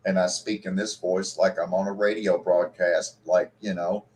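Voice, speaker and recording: A man's voice: sits low, little pitch movement, normal speed, darkish tone, slight background noise. A man from Kentucky hosting a podcast, chatting casually and rambling with many restarts. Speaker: podcast host. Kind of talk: casual chat.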